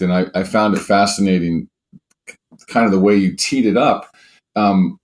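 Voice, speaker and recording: A man speaking as a guest coach in an interview, emphatic and animated, who swears now and then and acts out quoted speech in a raised voice. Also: fairly low pitch. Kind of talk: conversational interview answers.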